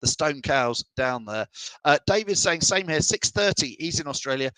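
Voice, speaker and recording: A man's voice: a little high, animated, moderate pace, pushed and bright, smooth, dry recording, rough recording. A middle-aged man from England hosting a live fan show, chatting and teasing as he reads out viewers' messages. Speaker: fan channel host. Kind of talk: live stream chat reading comments.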